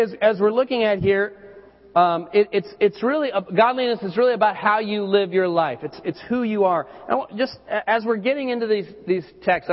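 A man pastor preaching a sermon in a loose, conversational way, often repeating words as he goes. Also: high voice. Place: church hall. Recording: dull lo-fi recording with hall reverb.

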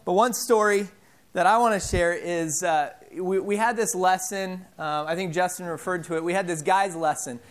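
A man in his thirties giving an informal sermon, telling stories in a halting way with many fillers and restarts. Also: high-pitched. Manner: animated, self-deprecating storyteller. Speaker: preacher.

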